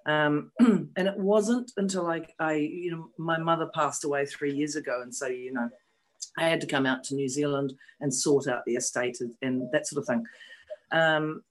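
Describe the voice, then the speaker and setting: A woman's voice: deep voice, normal speed, rough recording. A woman in her fifties speaking frankly and emotionally as an interview guest, repeating phrases for emphasis and swearing bluntly. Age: 50s. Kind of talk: candid personal storytelling. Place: New Zealand.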